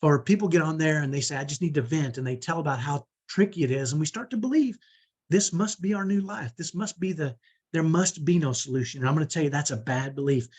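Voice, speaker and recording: A man's voice: a little high, fast talker, a little mellow, husky. A man in his fifties giving an online parenting training, earnest, motivational and direct. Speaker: parenting coach.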